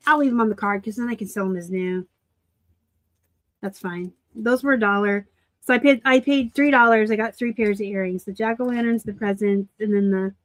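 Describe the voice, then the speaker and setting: A woman from Arizona hosting a casual live unboxing of thrift finds, chatty and quick to laugh at herself. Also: on the high side, no room sound. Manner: chatty, laughs easily, self-deprecating asides. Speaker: reseller host.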